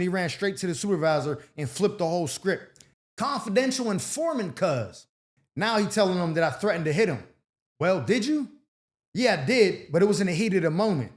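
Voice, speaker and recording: A man hosting an advice show, reading viewer letters and answering with blunt, slangy, streetwise commentary in a casual chat style. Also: sits high.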